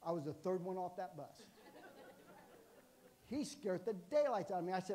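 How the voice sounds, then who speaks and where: A man's voice: high-pitched, very animated, normal speed, long pauses, a little mellow, big-room sound. A man in his sixties, a guest preacher telling jokey, folksy stories in a sermon and often asking "amen". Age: 60s. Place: church sanctuary.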